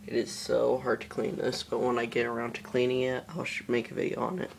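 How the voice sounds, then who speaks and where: A man talks through a fan in a relaxed, meandering way, his voice gravelly and level with little rise or fall. A faint hum of noise sits behind him in a small apartment. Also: mid-range voice, brisk. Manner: relaxed, rambling, with fillers. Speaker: video maker showing a fan. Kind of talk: casual product show-and-tell.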